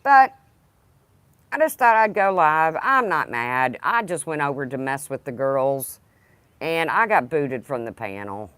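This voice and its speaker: A woman's voice: deep voice, big pitch swings, measured pace, fairly bright tone, clean tone, no room sound. A woman chatting casually on a livestream, rambling and talking to her dog. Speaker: livestream host.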